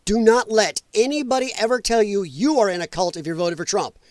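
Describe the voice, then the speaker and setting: Casting note: man with a high voice, host of a casual livestream, blunt and mocking, dry close sound. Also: brisk, a little mellow, no room sound. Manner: blunt, ranting, mocking, with laughs and mimicry. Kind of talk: casual political commentary livestream.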